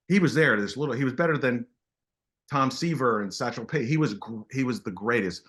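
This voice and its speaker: This guest artist, a middle-aged man, speaks in a fairly low voice while sharing stories during a relaxed interview. His delivery is lively yet stop-and-start, full of restarts.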